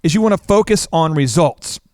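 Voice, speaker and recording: A man hosting a business talk show as a coach, energetic and animated, telling stories. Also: on the high side, brisk, dry recording, studio quality. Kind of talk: casual chat.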